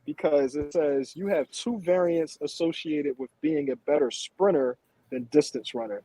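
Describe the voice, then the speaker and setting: A man talks in loose, profane podcast banter, laughing often. His voice sits a bit high and sounds husky and breathy. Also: moderate pace, mellow, dry recording, poor audio. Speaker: podcast co-host. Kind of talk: casual chat.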